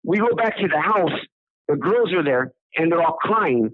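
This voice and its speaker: A man with a Southern California accent tells his story in a loose, rambling way, stumbling over and repeating words. His voice sits high for a man. It comes through a dry, tinny phone line. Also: lively intonation, normal speed, dry recording. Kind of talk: casual storytelling.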